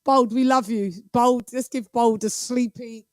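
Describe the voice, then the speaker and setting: A woman's voice: a little high, steady tone, a little slow, very noisy. A woman hosting a casual live boxing call-in stream, playful and giggly, teasing her viewers and dropping in Spanish phrases.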